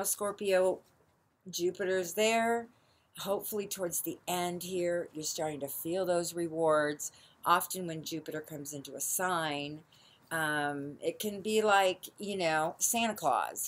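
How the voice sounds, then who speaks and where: A middle-aged woman astrologer talking casually to her viewers, rambling with lots of fillers, recorded in a barn. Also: sits low. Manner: rambling, many fillers like "you know" and "um".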